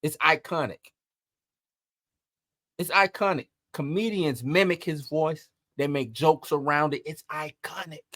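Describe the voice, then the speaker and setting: Brief: lively male commentary host, high-pitched and animated. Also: a little slow, no echo, clean studio sound. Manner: animated, emphatic, rhetorical questions. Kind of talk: entertainment news commentary.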